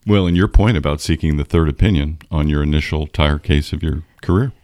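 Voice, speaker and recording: A man's voice: very deep voice, steady tone, a little fast, a little mellow, no room sound. A man interviewing a guest, asking friendly, encouraging questions.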